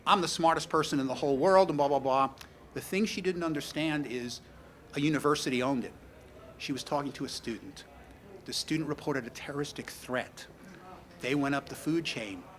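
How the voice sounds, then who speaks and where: A man's voice: mid-range voice, a bit bright. A middle-aged man with a New York accent giving a rambling, anecdotal eulogy full of "you know" and wry humor. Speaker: speaker at a memorial tribute. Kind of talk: storytelling eulogy.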